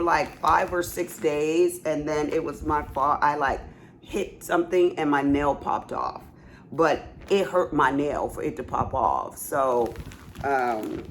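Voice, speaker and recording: A craft vlogger with a deep voice and a cough chats casually with viewers while showing off a haul, exclaiming often. There's slight background noise.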